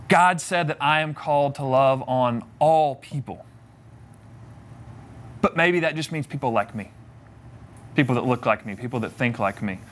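A man's voice: mid-range voice, moderate pace, pauses often, a bit bright. A young man giving a sermon, conversational and humorous, acting out the voices in the story he retells. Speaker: preacher.

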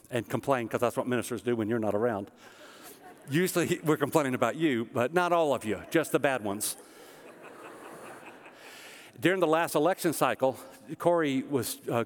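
A man preaching a sermon as pastor, swinging between loud emphatic lines and low conversational asides. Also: long reverb tail.

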